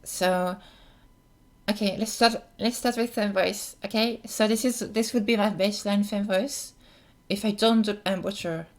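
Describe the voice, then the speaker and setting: A voice coach explains voice technique in a casual tutorial, hesitant and full of ums and apologetic asides, speaking close to a camera mic. Her voice is medium-pitched, unhurried, with fairly even intonation.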